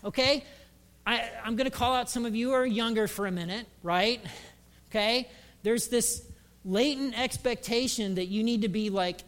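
A male pastor with a high-set voice preaches in a relaxed, joking way, slipping into quick voices now and then. The sound carries a long reverb from the church hall. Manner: humorous, acts out quick voices. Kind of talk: conversational sermon.

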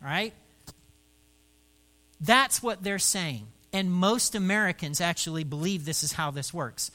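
A man's voice: high voice, measured pace, bright, forceful tone. A male pastor preaching a sermon, telling a story and acting out both sides of a conversation, often repeating words and restarting phrases as he thinks aloud.

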